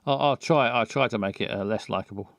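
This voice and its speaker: A man's voice: medium pitch, brisk, vocal fry, a bit bright, a little hiss or hum. A man giving rambling, sweary commentary as he plays a story game and makes up voices for it. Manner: scattered, muttering, sweary asides. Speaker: game player. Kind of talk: let's play commentary.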